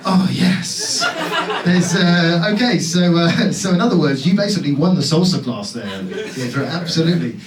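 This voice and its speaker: A male stand-up comedian doing crowd work, teasing audience members in a quick, playful way with frequent laughs and restarts. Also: fairly high pitch, expressive. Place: comedy club stage. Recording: roomy live club sound, distant mic, loud crowd noise.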